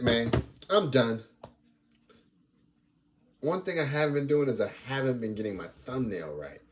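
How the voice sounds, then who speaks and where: A man's voice: mid-range voice, moderate pace, pauses often. A young man hosting a casual sports fan vlog, talking playfully and repeating lines for emphasis. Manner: animated, playful trash talk.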